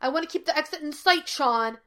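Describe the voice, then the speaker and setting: Nervous male sleuth sidekick, short-tempered when scared; woman reader puts him on, pitched a touch high. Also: a little fast, a bit bright. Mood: jumpy. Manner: nervous, snappish. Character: jittery male sidekick investigator, easily spooked.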